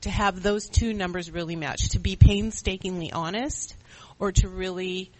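A middle-aged panel speaker shares a personal recovery story at a meeting. The voice is earnest and reflective, often pausing and restarting mid-thought, and sits at a middle pitch. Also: steady tone, low-quality recording.

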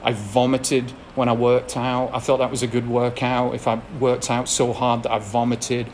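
A man's voice: mid-range voice, completely flat delivery, normal speed, a little mellow, a little hiss or hum. A man with an English accent telling a frank, self-deprecating personal recovery story to an audience, laughing now and then between blunt details. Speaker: speaker sharing a recovery story. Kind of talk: candid personal testimony to an audience.

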